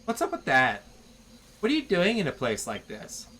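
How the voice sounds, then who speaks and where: A man's voice: a little high, wildly swooping pitch, moderate pace, bright, forceful tone, slight background noise, exaggerated voice. A man voicing a bubbly young woman soldier who talks in upbeat valley girl slang. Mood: chatty.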